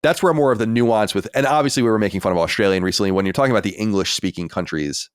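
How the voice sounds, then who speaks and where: An American podcast co-host reads listener mail, then muses in casual chat full of fillers. His voice is on the low side and clean, delivered rapid-fire, with a dry, clean studio sound.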